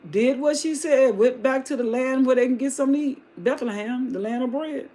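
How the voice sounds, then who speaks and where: A woman's voice: fairly high pitch, a little fast, warm tone. A woman hosting a live stream, reading a Bible story aloud and mixing in folksy, slangy asides. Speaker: livestream host reading scripture. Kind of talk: Bible reading with casual retelling.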